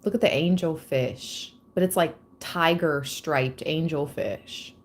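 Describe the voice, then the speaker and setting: A young woman hosting a live tarot reading, chatting casually and excitedly with frequent laughter. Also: deep voice, slow pace, a little hiss or hum.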